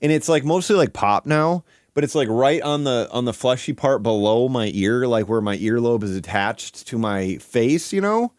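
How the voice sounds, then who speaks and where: A man from Michigan chatting casually on a live stream, goofy and crude, rambling with giggles and sudden high yelps. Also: animated, moderate pace, hardly any pauses, darkish tone, smooth, dry recording, studio quality.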